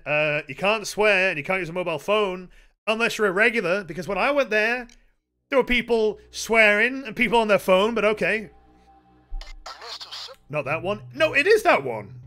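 A man with a high, bright voice rambles through a casual live stream, swearing freely as he answers chat. His pitch swings all over the place, and faint music plays behind him. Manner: rambling, heavy casual swearing, chatty with viewers.

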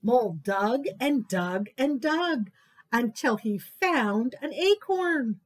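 High, sing-song storytime reader woman. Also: animated, slow pace. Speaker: children's librarian. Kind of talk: reading picture books aloud at story time.

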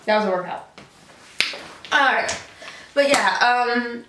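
A woman's voice: on the high side, slow pace, noisy background. A young woman vlogging casually to camera, rambling with lots of fillers and slang. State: out of breath. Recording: echoey room, far from mic.

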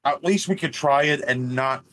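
A man co-hosting a casual game talk show, animated and swearing often. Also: medium pitch, normal speed, a little hiss or hum. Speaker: podcast co-host. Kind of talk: casual chat.

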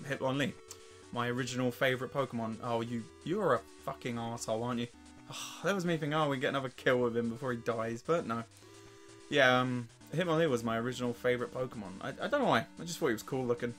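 A man's voice: mid-range voice, fairly bright tone. An English man with a weak, worn voice gives casual gameplay commentary, laughing and swearing as he trash-talks the game. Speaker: let's play host.

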